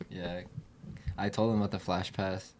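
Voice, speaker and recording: Low-voiced joking young man. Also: flat delivery, measured pace, darkish tone, slight background noise. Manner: joking, laid-back banter. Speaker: podcast co-host. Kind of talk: casual chat.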